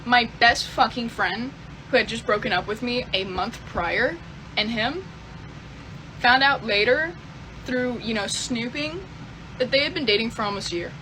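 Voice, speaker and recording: A woman's voice: a little high, measured pace, sharp tone, slight background noise, poor audio. A young woman casually telling a confessional story, rambling and swearing a lot. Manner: profane, rambling, fillers like "type beat". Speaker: storyteller in a clip.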